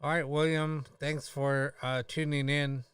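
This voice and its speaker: A tired man hosting a live stream, chatting casually in a halting way with many pauses and fillers. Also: a little high, little pitch movement, fairly bright tone, clear, resonant tone, no echo, studio quality, recorded from a distance. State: tired, yawning.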